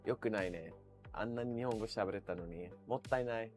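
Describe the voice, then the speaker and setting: A man's voice: lowish voice, very fast, darkish tone, soft background music. A man streaming live, chatting casually and reading out viewer comments, swearing freely and laughing often.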